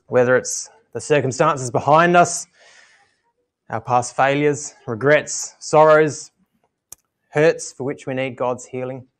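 Earnest male preacher. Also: medium pitch. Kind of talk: sermon with scripture reading. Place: church.

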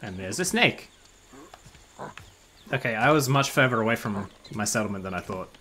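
A man's voice: fairly low pitch, animated, moderate pace, sharp tone, slight background noise. A man, giving casual gameplay commentary as a streamer, swearing freely and laughing often.

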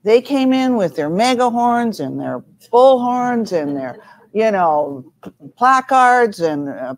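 An older woman, a former university president and panel guest, telling stories in an earnest, measured way. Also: fairly high pitch, sing-song. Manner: measured, earnest, recounts anecdotes. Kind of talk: reflective storytelling in a panel talk.

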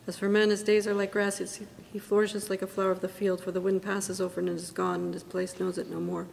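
A woman serving as liturgical reader, reciting psalms in a brisk, even manner at a church service. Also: on the low side, gravelly. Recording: long church reverb with faint background noise.

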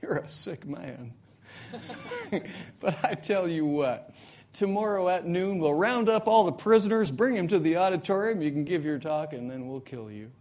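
A man voicing a gruff male jailer in a Texas prison, speaking bluntly as part of a joke. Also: medium pitch, wildly swooping pitch, slow, long pauses, heavily acted.

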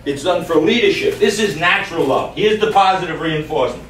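A man training a dog on camera, explaining each step calmly and emphatically and breaking off to speak to the dog. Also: fairly high pitch, brisk. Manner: calm, emphatic, talks to the dog in between. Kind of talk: on-the-spot training demonstration. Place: yard and doorway of a house. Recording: distant, echoey camera audio with background noise.

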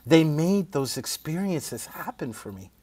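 A man's voice: fairly high pitch, a little slow, breathy edge. A middle-aged man, a playwright guest telling stories in casual conversation, laughing often and asking "right?". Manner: animated storyteller who laughs often and asks "right?".

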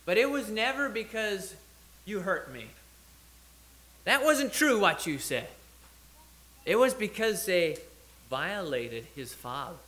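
A man's voice: high-pitched, expressive, slow, pauses often, sharp tone. A man preaching a sermon in church, talking it through in a conversational way with restarts and self-corrections as he thinks aloud.

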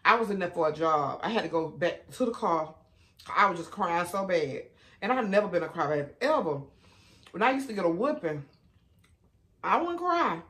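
A woman vlogger telling stories while she eats, chatty and animated, calling her viewers y'all, baby and honey. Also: normal speed. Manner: animated, with sudden rises in pitch and loudness. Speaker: mukbang vlogger. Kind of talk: casual storytime while eating.

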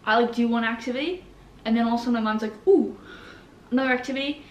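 At home, a young woman vlogs casually to camera in a steady, slightly high voice, talking very fast. She's scattered and self-mocking, and the echoey room carries faint ambience plus a little hiss or hum.

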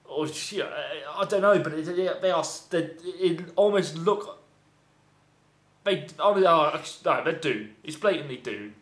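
A man's voice: a little high, expressive, unhurried, fairly bright tone. A man giving a rambling, profanity-laced film review, often exasperated. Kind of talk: casual ranting film review. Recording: echoey room.

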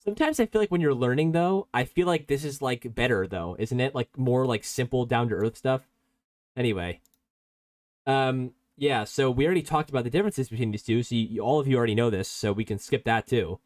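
A man's voice: mid-range voice, expressive, fairly quick, a little mellow, no room sound. A man teaching a live online coding workshop in a casual, rambling way, reacting to chat and prone to giggling. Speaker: workshop instructor.

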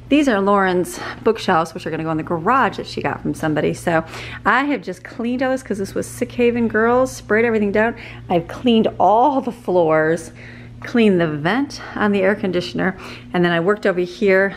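A middle-aged woman and mother chatting casually and cheerfully as she films a home vlog from the kitchen and basement, held on a handheld camera. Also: fairly quick. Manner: chatty, upbeat, talks to her dogs in a high sing-song voice. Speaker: vlogger, mother. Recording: noisy home recording.

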